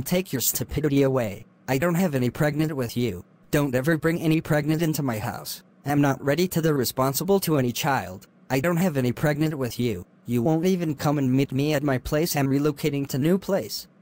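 A man's voice: on the high side, a little fast, few pauses, a little mellow, close to an everyday voice. A man voicing a scornful demonic seducer. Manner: scornful and mocking, with evil laughs. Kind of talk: amateur animation voice acting.

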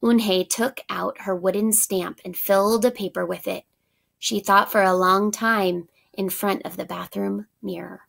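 A woman teacher reading a picture book aloud to young children, stopping now and then to ask for their predictions. She reads at a slow, deliberate pace with a gravelly edge to her voice. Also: medium pitch, steady tone. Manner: pauses to ask prediction questions, warm asides.

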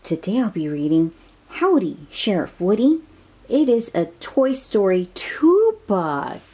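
A woman reading a children's picture book aloud, animated and asking her young listeners questions. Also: medium pitch, slow pace, breathy edge.

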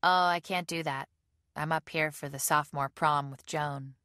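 A woman's voice: deep voice, steady tone, normal speed, bright, forceful tone, clean tone, no room sound, clean studio sound. A woman voicing a casual, offhand young male college student in an audiobook reading.

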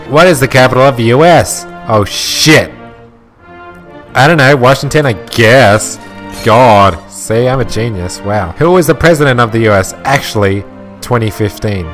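A man's voice: medium pitch, a bit bright. A young man commenting on his own gameplay in a crude, sarcastic, profane way. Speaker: gaming commentator. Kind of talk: let's play commentary.

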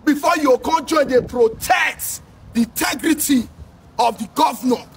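Nigerian Pidgin man, very high voice, shouting rant, distant mic. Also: moderate pace, vocal fry. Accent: Nigerian Pidgin English. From Edo State, Nigeria. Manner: shouting, sing-song scolding. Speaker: social commentator. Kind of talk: ranting commentary. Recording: distant mic with faint noise.

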